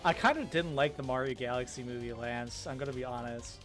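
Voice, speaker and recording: A man's voice: mid-range voice, brisk. Chatty man rambling over gameplay. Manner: rambling, chatty, laughs often, swears casually. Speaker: co-host of a game mod dev stream. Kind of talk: casual let's-play commentary. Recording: faint music in the background.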